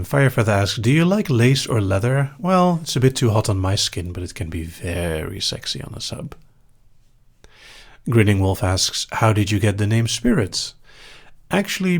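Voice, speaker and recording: A young Dutch man with a Dutch accent, a hypnosis show host calmly reading out and answering audience questions with dry humor. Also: fairly low pitch. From Netherlands. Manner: calm, unhurried, dry humor. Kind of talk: live Q&A reading chat questions.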